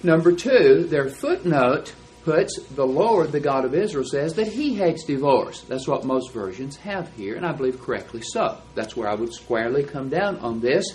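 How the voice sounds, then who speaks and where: A man's voice: on the high side, lively intonation, normal speed, hardly any pauses, a little mellow, low-quality recording. Emphatic man teaching a Bible class. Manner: emphatic, explanatory, stresses key words.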